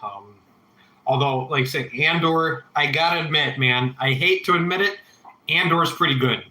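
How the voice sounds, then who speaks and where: A man hosts a casual livestream Q&A, tossing out blunt opinions and swearing freely as he rambles. His voice sits a little high and comes across bright and forceful. The sound bounces around a roomy, echoey space. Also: normal speed. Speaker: livestream host answering chat.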